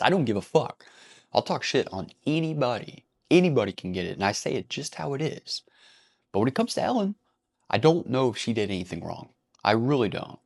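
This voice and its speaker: Blunt, profane man with a low voice. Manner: blunt and profane, laughs easily. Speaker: commentary channel host. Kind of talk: casual vlog commentary.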